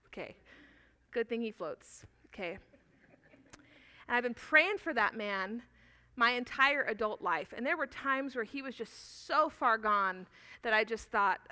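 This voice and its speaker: A woman pastor preaching a sermon, earnest and animated, telling stories and asking the congregation questions. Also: fairly high pitch.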